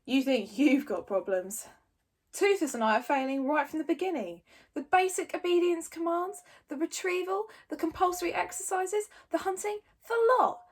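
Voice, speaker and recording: A woman's voice: very high-pitched, lively intonation, moderate pace, voice pushed up. A woman voicing an anxious, patient young Viking boy who pleads and reasons with his dragon, in a storybook reading. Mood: glum.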